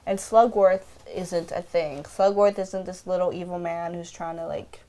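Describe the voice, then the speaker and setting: A woman co-hosting a podcast in casual chat, playful and quick to act out characters, with lots of "like". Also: fairly low pitch, steady tone, dark tone. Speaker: podcast co-host.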